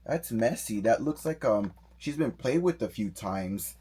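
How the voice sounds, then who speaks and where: A middle-aged man co-hosting a live doll-collecting stream from his home office, reading viewer comments aloud with excited, animated greetings. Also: mid-range voice, measured pace, slightly rough. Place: home office full of dolls.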